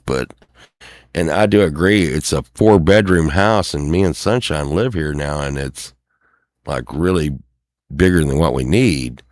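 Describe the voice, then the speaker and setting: A man's voice: low-pitched, normal speed, dry recording, clean studio sound. A middle-aged man rambling and venting on his own show, acting out other people's lines as he complains. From Texas. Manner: sings a few lines softly. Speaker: show host. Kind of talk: casual rambling monologue.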